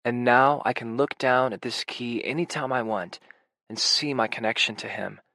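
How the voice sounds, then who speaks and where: A man narrating a first-person romance audiobook in a quiet, intimate way. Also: mid-range voice, normal speed, vocal fry, no room sound.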